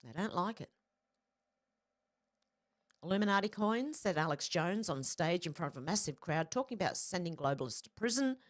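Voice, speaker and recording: An Australian woman with a slightly low voice, talking casually and bluntly and swearing freely. She reads out posts one after another and breaks in with quick asides of her own. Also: animated. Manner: blunt and profane, with mid-sentence asides. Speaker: political commentary vlogger. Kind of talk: casual commentary reading out social media posts.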